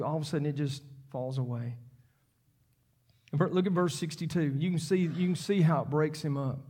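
A man's voice: a little high, dark tone. A male pastor preaching a sermon on scripture, emphatic and repetitive, talking directly to the congregation.

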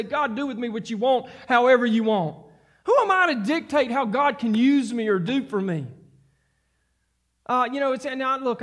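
A man preaching a sermon, reading scripture and rising into fervent, near-shouted emphasis. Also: very high-pitched. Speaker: pastor.

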